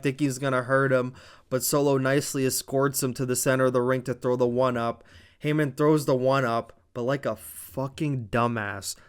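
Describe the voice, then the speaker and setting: A man narrates a wrestling segment in casual commentary, building it up like a dramatic story and dropping profane asides. His voice is smooth and resonant at an ordinary middle pitch.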